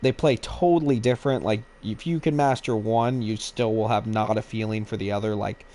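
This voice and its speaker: A man co-hosting a casual gaming chat, swearing freely, excitable and laughing often. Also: fairly low pitch, fairly quick. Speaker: co-host.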